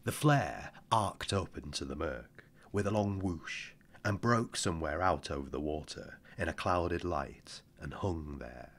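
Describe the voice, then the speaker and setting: A man narrating an audiobook in a measured, somber way. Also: a bass voice, animated.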